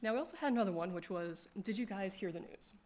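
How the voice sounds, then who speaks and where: Woman storyteller, animated, laughs a lot, faint noise behind, for a casual gaming anecdote. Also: mid-range voice, fast. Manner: animated, laughs often, acts out friends' lines. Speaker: speaker telling gaming stories.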